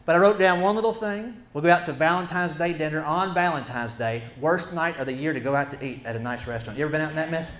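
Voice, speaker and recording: A middle-aged man doing a folksy, animated stand-up story, acting out what he and his wife said. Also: a little high, fast talker, few pauses. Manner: folksy, animated, acts out quotes. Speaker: stand-up comedian. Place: stage before a live audience. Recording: echoey room with background noise.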